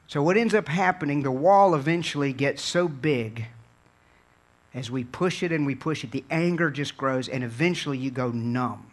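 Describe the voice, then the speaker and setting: A man from Virginia preaching a sermon in an earnest, conversational way, dropping low and quiet and then building to fervent peaks. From Virginia, USA. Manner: conversational storytelling with repeated words and restarts.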